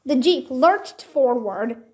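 High-voiced lady reading a kids book aloud, slow and careful. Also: animated, darkish tone. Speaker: storybook reader. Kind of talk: children's book read-aloud.

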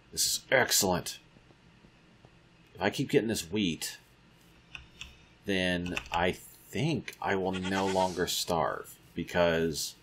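A man's voice: sits low, fairly bright tone, a little hiss or hum. A man giving casual let's-play commentary, muttering to himself and taunting the creatures in the game. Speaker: gamer.

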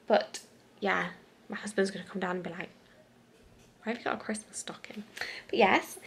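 A woman's voice: fairly high pitch, gravelly, a bit bright. A British woman vlogging at home on her sofa, chatty and rambling, laughing at herself as she goes.

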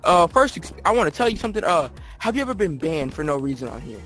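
Man, high voice, very lively pitch, crude hammy interviewer, stumbling words, headset mic. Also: fast talker, faint music behind. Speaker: YouTuber interviewing players. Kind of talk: joking mock interview.

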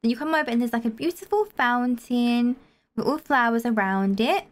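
A woman with a slightly high voice talks her way through a game tour in a loose, chatty manner. She is excitable and quick to gasp or giggle, her sentences tumbling out as she goes. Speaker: gaming video host. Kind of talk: casual gameplay tour chat.

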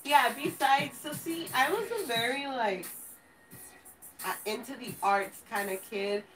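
A woman's voice: on the high side, unhurried, fairly bright tone, far from the mic, faint music behind, poor audio. A woman in her thirties from California, Spanish her first language, chatting casually on a live stream, rambling and giggling at herself. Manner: rambling, giggly, self-teasing. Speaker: host.

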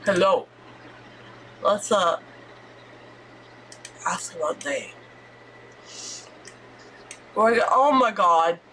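A woman streamer giving excitable let's-play commentary, squealing and swearing as she reacts. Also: mid-range voice, extremely slow, pauses often, slight background noise.

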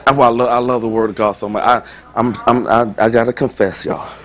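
A man preaching a sermon as pastor, swinging between loud exclamations and quiet asides. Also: mid-range voice, fairly even intonation, fairly quick. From United States.

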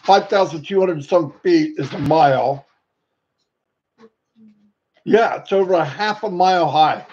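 Excited guy on a livestream, kinda high voice, dull lo-fi mic with some hiss. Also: unhurried, pauses often. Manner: excitable, greets viewers by name. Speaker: livestream host. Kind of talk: casual livestream chat. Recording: dull lo-fi sound, faint noise.

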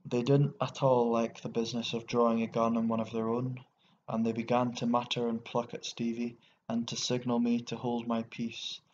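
A man with an Irish accent narrating a short story in a steady, even way. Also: mid-range voice, normal speed. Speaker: audiobook narrator. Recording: dull lo-fi recording with faint hiss.

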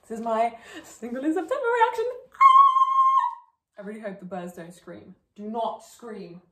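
A woman's voice: on the high side, huge pitch swings, a little fast, distant mic, a little hiss or hum. A young woman chatting casually as she reacts to a video at home, joking and swearing freely. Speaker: YouTube reactor. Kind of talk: casual reaction vlog chat. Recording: roomy recording with faint music behind.

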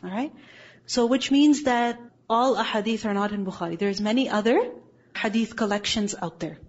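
A woman's voice: medium pitch, normal speed, husky, muffled recording. A woman teaching an Islamic studies class, firm and corrective, often checking that students follow, recorded in a classroom. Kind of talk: classroom lecture with questions.

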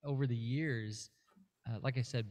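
A man's voice: mid-range voice, fairly even intonation, normal speed, a little mellow. A man appearing as a guest musician, telling a rambling story in casual interview chat, full of fillers and restarts.

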